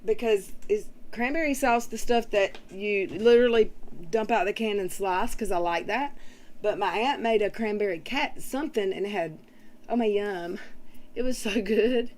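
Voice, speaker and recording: A woman's voice: medium pitch, normal speed, darkish tone. A woman hosting a casual livestream, rambling with fillers as she reads and answers chat comments. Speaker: livestream host.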